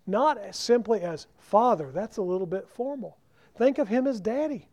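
A man preaching a sermon, emphatic and slowing down to stress key words. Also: sits high, animated, darkish tone. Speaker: pastor. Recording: dull lo-fi recording.

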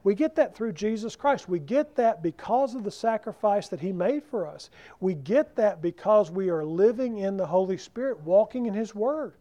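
A man preaching a sermon, emphatic and slowing down to stress key words. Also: high-pitched, lively intonation, dark tone. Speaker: pastor. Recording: dull lo-fi recording.

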